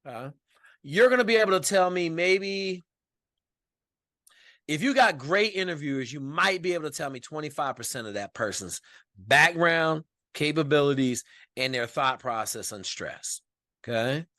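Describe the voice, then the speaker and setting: A man with a bright, forceful voice pitched a little high tells stories on a podcast. His delivery is emphatic, colloquial and animated. The sound is dry and close. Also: moderate pace, no echo. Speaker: podcast guest. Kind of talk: casual storytelling interview.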